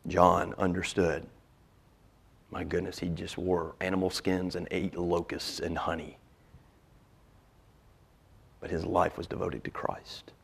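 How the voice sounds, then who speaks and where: Man, pastor, sermon, very low pitch, loud-to-whisper swings. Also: creaky, husky. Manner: dramatic swings from loud emphasis to hushed whispers.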